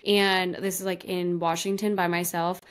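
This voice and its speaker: A woman's voice: fairly low pitch, normal speed, smooth. A young woman co-hosting a podcast, chatting casually and telling stories animatedly. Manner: animated storyteller, acts out quotes. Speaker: podcast co-host. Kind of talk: casual chat.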